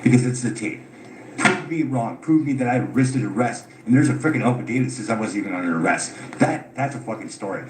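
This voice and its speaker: A man with a mid-range, expressive voice talks fast as he recounts his grievances, tired, frustrated and swearing often. It's an unscripted caller story recorded in an echoey room with loud background noise.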